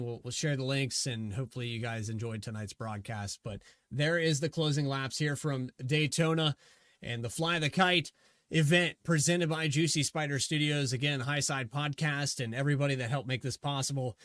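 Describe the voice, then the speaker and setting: A man signs off a sim racing broadcast, his voice hoarse and worn from a long night. He speaks in a mid-range tone, loose and a little rambling as he thanks everyone. The sound is close and dry, with no room around it. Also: medium pitch, a bit bright, no echo. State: losing his voice. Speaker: race broadcast host.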